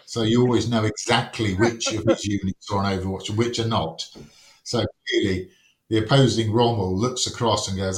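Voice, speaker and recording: A man chats as a podcast guest, wry and anecdotal, and slips into short acted-out quotes. His voice sits low, and the recording has a roomy echo. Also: fairly even intonation, moderate pace. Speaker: wargames rules writer, podcast guest. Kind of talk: casual podcast conversation.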